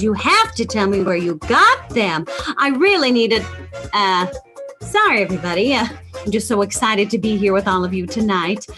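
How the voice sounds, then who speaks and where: A woman's voice: on the high side, sharp tone, full character voice. A woman doing a giddy 1950s sitcom housewife. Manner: gushing, flustered, comic. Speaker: comic performer at a fundraiser.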